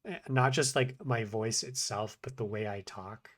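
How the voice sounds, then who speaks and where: A man's low-leaning, fairly bright voice with fairly even intonation carries a casual video diary about his language practice. As a self-critical learner vlogger, he mumbles, moves between fast and slow, paused delivery, and repeats short practice phrases haltingly.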